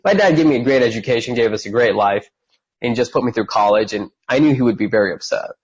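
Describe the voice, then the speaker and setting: A husky-voiced man in his thirties tells his story on a podcast. He talks with lots of energy and acts out the voices of the people in it. The recording sounds slightly dull. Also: mid-range voice, fast talker. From California. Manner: animated storyteller who acts out quoted voices. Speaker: guest.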